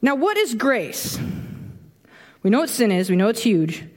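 A woman in her thirties giving a casual, animated sermon, acting out quoted reactions with a bit of humor. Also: on the high side, a little slow. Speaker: preacher. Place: church sanctuary. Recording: long hall reverb.

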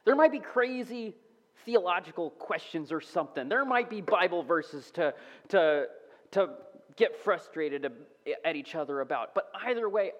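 A man giving a casual, animated sermon, sometimes dropping to a whisper. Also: high voice, normal speed. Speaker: preacher. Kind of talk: conversational sermon.

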